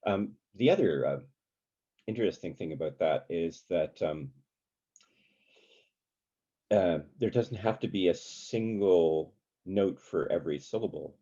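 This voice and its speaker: A man's voice: sits low, lively intonation, unhurried, pauses often, mellow, slightly rough. A man leading an informal songwriting workshop, talking casually with many fillers and breaking into sung examples. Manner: chatty, many fillers, sings and hums examples. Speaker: songwriting teacher. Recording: dull lo-fi sound.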